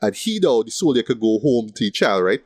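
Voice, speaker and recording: A man's voice: mid-range voice, sing-song, brisk, a little mellow, dry recording. A man co-hosting a casual film podcast, retelling scenes in an easygoing way and checking in with "right?". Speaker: podcast co-host.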